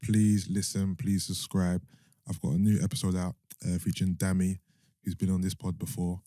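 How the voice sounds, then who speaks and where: Laid-back young man, low voice. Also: monotone, mellow, no room sound, studio quality. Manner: laid-back, plugs and banter, quick asides. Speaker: podcast co-host. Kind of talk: casual chat.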